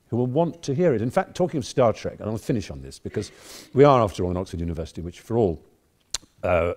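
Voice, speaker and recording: Speaking with a lowish, somewhat mellow voice, a fifty-something man from England is the guest speaker at a debating society. His English-accented talk wanders through wry, erudite digressions.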